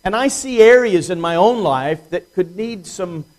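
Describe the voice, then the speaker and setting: A male preacher with a slightly high voice teaches an evening Bible study to his congregation. He talks in a plain, unhurried way, slows down to stress key words, and drops in dry, self-deprecating humor. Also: expressive, a little mellow. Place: church congregation.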